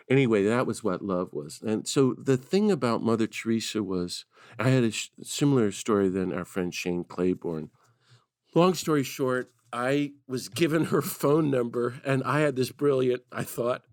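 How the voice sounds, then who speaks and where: Lively storytelling priest, dry close sound. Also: male voice, mid-range voice, dry recording. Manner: lively storyteller who laughs and acts out quotes. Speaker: priest and peace activist guest. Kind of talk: conversational storytelling.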